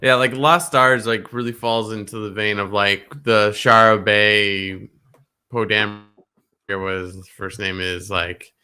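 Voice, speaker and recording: A man co-hosts a casual podcast in a lower voice that still sounds bright. He talks with eager enthusiasm, filling his sentences with "like" and "um" as he thinks aloud. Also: level tone, a little slow, smooth. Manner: enthusiastic, heavy use of "like" and "um". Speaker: podcast co-host. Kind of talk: casual chat.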